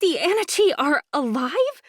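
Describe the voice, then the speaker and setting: Lady doing a high excited curious girl, quick questions, storybook, dry. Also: no echo. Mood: eager. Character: eager curious young woman.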